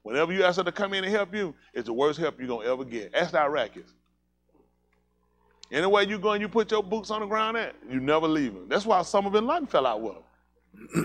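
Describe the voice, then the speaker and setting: A man's voice: fairly high pitch, very animated, fast, a bit bright. A man preaching a fiery sermon as pastor, emphatic and colloquial, repeating calls like "listen" and firing rhetorical questions at the congregation.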